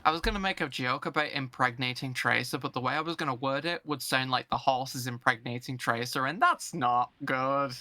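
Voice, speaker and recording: A streamer chatting casually during a game stream, animated and joking, sometimes playing with silly put-on accents. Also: mid-range voice, brisk, hardly any pauses. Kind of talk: casual gaming stream chat.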